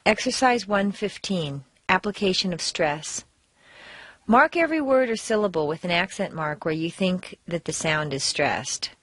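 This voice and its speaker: An American woman leads an accent-training lesson. Her pitch swings widely as she stretches and stresses words on purpose. The sound is dry and close, with no room around it. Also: expressive, fairly bright tone, dry recording. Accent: General American. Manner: clear, deliberate instruction with exaggerated stress demonstrations. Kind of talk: recorded language lesson.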